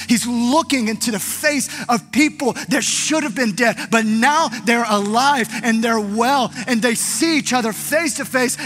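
Pastor, male, high and bright-toned, passionate sermon delivery. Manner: impassioned, building to pleas and soft hushed moments.

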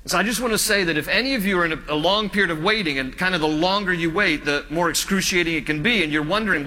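A male pastor preaching a sermon in an earnest, pleading way, slowing down and dropping softer on key phrases. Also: sits high, in a large hall.

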